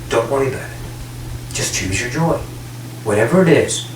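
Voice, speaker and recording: A man's voice: mid-range voice, lively intonation, a little fast. A man giving a channeled spiritual message, speaking as a collective "we", emphatic and repetitive, casual and blunt with some swearing. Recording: roomy echo, distant from the mic, faint noise.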